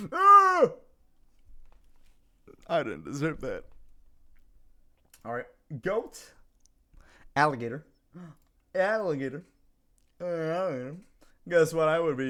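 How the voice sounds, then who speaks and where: Playful male streamer with a lively voice. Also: a little high, measured pace, pauses often. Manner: playful, reading chat aloud and greeting viewers; lots of giggling and sudden bursts of excitement. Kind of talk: casual live-stream chat.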